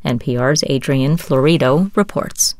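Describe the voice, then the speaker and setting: A woman newscaster reading hourly radio headlines in a measured, even delivery. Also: a bass voice, dry recording, studio quality.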